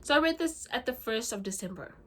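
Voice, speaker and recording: A woman's voice: a little high, animated, fairly quick, a bit bright. A woman, a book vlogger, chatting casually and gushingly about her favorite romance novels, with many fillers. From South Africa. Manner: gushing, chatty, lots of "like" and "legit". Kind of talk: casual book review vlog.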